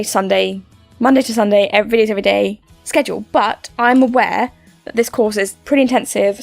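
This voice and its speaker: Chatty young girl vlogging from home, kinda high voice, rambles a lot, super dry sound. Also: gravelly, no echo. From United Kingdom. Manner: bubbly, rambling, many fillers and restarts. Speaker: YouTuber. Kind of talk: casual to-camera update chat.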